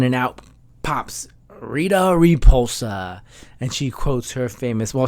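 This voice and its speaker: A man's voice: mid-range voice, a little mellow, no room sound. A man hosting a casual video review, chatty and joking.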